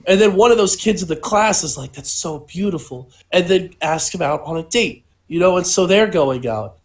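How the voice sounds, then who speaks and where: A man's voice: sits high, lively intonation, moderate pace. A young man co-hosting a casual podcast, telling a long absurd story in a rambling way full of "like" and "you know". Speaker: podcast co-host and stand-up comedian.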